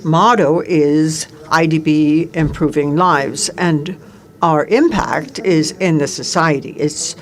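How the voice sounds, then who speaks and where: Female live interpreter, steady and even, somewhat low pitch. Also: takes it slowly, slight background noise. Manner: steady, even delivery in the first person. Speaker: simultaneous interpreter.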